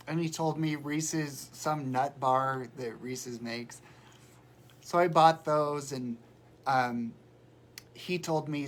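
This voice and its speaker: A woman's voice: extremely low pitch, slow. A woman with a cold on a casual livestream from home, sounding congested and fighting back tears as she talks. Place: home, indoors. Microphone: phone or webcam on a live video.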